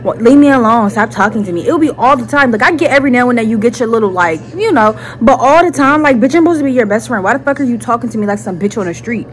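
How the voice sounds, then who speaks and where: A woman's voice: on the high side, fast, hardly any pauses. Young woman w/ aave doing a storytime vlog, cursing a lot, bit muffled from a cough drop. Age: young adult. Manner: blunt, profane and expressive. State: talking around a cough drop. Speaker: vlogger.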